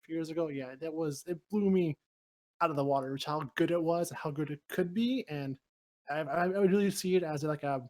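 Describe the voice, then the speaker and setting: A man with a somewhat high voice co-hosting a loose, casual podcast. He rambles through his points with many restarts and drops swear words easily. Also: brisk, darkish tone. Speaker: podcast co-host. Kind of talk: casual chat.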